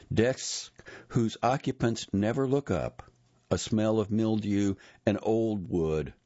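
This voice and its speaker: A man's voice: low voice, dark tone, no echo. A man reading a first-person story aloud in a wry, dry storytelling manner. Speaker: narrator. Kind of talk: first-person audiobook narration. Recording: slightly dull, dry recording.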